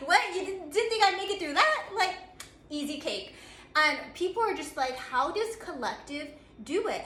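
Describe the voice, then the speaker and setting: A woman giving a channeled oracle card reading, bubbly and excitable, laughing often and acting out other people's reactions. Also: high-pitched, roomy sound, a little hiss or hum. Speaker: tarot reader.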